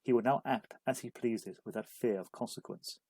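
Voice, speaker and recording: A man reads a scripted study-guide lesson in a measured, even way. His voice is mellow and a little husky, and the recording is dry and close. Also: mid-range voice, no room sound, poor audio. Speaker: literature explainer. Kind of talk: scripted narration.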